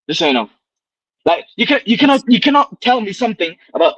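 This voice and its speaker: A man with a high, husky voice rants with heated energy, circling back and repeating his points. The sound is dry and a little dull, as if he is coming through a lo-fi line. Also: big pitch swings, fairly quick, fairly bright tone, dry recording. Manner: heated, ranting, repetitive. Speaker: caller. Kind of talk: casual chat.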